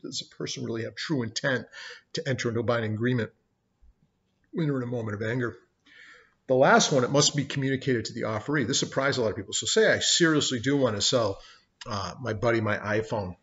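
A man's voice: mid-range voice, fairly bright tone, muffled recording. A middle-aged man teaching law in a conversational lecture, telling personal stories as examples. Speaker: law instructor. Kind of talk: recorded lecture. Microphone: webcam.

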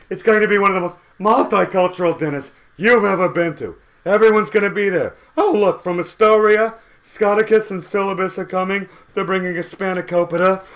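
Guy doing a high gravelly chatty new york dinner host, brash. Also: fairly bright tone.

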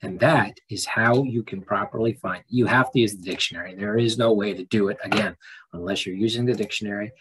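A man walks students through a lesson on his screen in a casual, folksy voice-over. His voice sits low and sounds very raspy and husky. He speaks loosely, with filler sounds and small restarts. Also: fairly even intonation, brisk, fairly bright tone, poor audio. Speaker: teacher.

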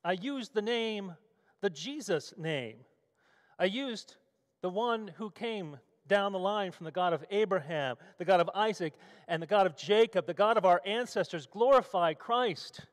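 A man's voice: sits high, lively intonation, unhurried, voice pushed up. A man voicing the apostle Peter as a brash, indignant man with a Brooklyn accent, firing challenging questions. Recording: long hall reverb.

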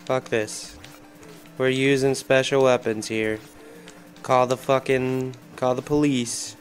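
Male let's-play commentator, slow and profane, ranting, faint game music behind. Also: medium pitch, fairly even intonation. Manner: frustrated, heavy swearing, ranting. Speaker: gaming commentator.

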